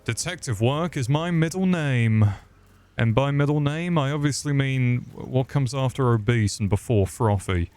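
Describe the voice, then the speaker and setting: Crude jokes and rambling banter fill this comedic let's-play from a gaming commentator. He speaks at normal speed in a mid-range voice with a darkish tone.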